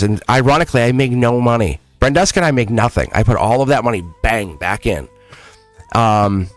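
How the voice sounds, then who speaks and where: With a fairly low pitch and no echo, a schoolteacher hosting a tarot reading live stream spins rambling, animated tales that keep restarting. His manner toward viewers is casual and earnest as he coaxes them along.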